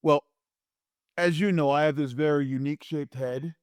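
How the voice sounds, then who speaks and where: A man in his fifties, a former wrestler and interview guest, telling lively anecdotes and acting out quotes with frequent restarts. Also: on the high side, normal speed, clean tone, no room sound, studio quality. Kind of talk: animated storytelling in a podcast interview.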